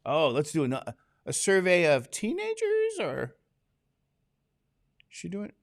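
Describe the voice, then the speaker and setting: A man's voice: high-pitched, wildly swooping pitch, takes it slowly, vocal fry. A man teaching a class, who jokes and keeps asking his students questions, drowsy from medication. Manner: joking, asks the class many questions. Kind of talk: classroom lecture.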